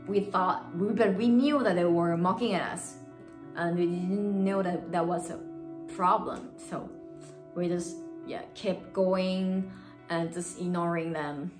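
A woman's voice: lowish voice, steady tone, unhurried, a little mellow, roomy sound, faint music behind. A woman from Thailand, a native Thai speaker, chatting to camera as a vlogger, telling a personal story with lots of "like" and "you know" fillers.

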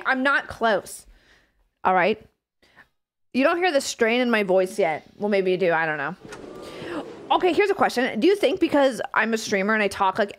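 A woman in her thirties chatting casually with her stream, giggling often and swearing freely. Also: mid-range voice. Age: 30s. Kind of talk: casual live-stream chat.

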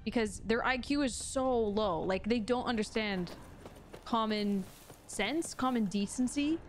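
A woman's voice: fairly high pitch, a little slow. Chatty, sarcastic woman streamer. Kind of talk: casual let's-play commentary. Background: game music.

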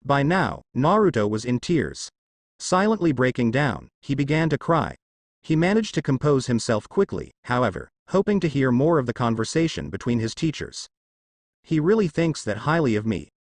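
A man narrating a fan fiction story in an expressive storytelling manner. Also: medium pitch, moderate pace, no room sound.

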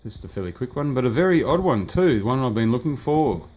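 Filmed indoors beside a sunny window, a man casually reviews a collectible figure, rambling offhandedly with fillers and swearing now and then at the sunlight. His medium-pitched voice is a little mellow, a bit fast, and swings widely in pitch. A little hiss or hum sits in the background.

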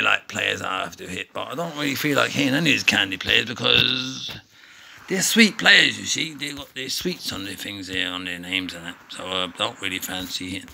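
A man's voice: lowish voice, moderate pace, creaky, bright, forceful tone, slightly rough, poor audio. A man giving playful, rambling commentary while playing a mobile game, often wandering off on tangents.

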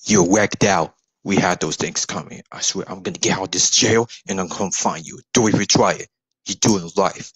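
Husky-voiced man in slangy comedy parody. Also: low voice, moderate pace, dry recording, poor audio. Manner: slangy, joking delivery. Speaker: parody video voice actor. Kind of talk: comedic parody role-play.

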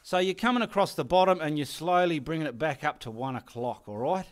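A man's voice: on the high side, brisk. A middle-aged man with an Australian accent, chatting casually and swearing as he paints and gives directions behind the scenes. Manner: swears freely, jokes and mutters instructions to himself. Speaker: artist.

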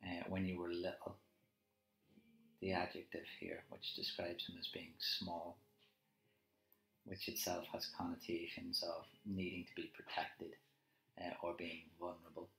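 A man's voice: low-pitched, completely flat delivery, a little slow, gravelly, pauses often, fairly bright tone. A male teacher talking through a poem in a live annotation lesson, conversational and thinking aloud with tag questions. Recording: roomy echo with faint music.

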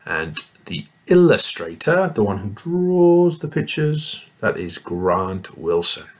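Slow, sing-song male teacher. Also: mid-range voice, sing-song. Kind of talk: reading a lesson to young children.

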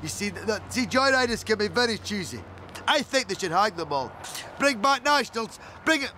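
A man's voice: sits high, expressive, a little fast, bright, forceful tone, a little hiss or hum. An actor playing a rambling, pushy male salesman of car breakdown cover in a TV comedy.

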